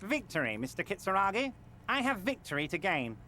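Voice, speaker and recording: A jovial scheming union boss. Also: male voice, big pitch swings, fairly quick, bright, forceful tone, a little hiss or hum, full character voice. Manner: booming, self-assured, sweeping speechmaking. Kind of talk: video game voice acting. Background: game music.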